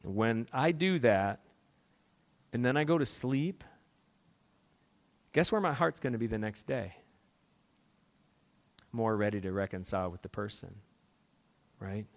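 A male pastor preaching a sermon, rising to loud urgent questions and dropping to quiet, prayerful tones. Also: on the low side, unhurried, long pauses. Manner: dramatic swings between loud urgent questions and quiet prayerful near-whispers.

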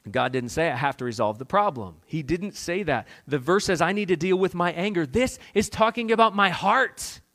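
A male pastor preaching a sermon, rising to loud urgent questions and dropping to quiet, prayerful tones. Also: sits high, animated, moderate pace, hardly any pauses. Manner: dramatic swings between loud urgent questions and quiet prayerful near-whispers.

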